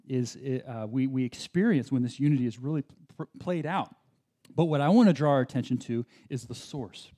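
A man preaching a sermon as pastor in a church, conversational and animated, with self-deprecating asides. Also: medium pitch.

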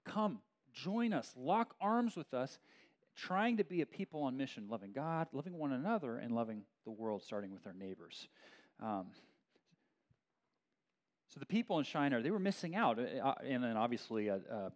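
A middle-aged man preaching a sermon to his church in a conversational, animated way, with many fillers and restarts. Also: medium pitch, moderate pace. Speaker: pastor. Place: church meeting room with a live audience.

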